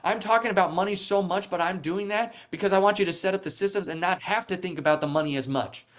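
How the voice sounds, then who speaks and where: A man's voice: high voice, quick pace. A man speaking as a guest in a casual interview, telling stories with energy, acting out quoted voices, and filling his talk with "like". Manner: animated storytelling, acting out quoted voices, frequent "like" fillers. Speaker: podcast guest, real estate coach.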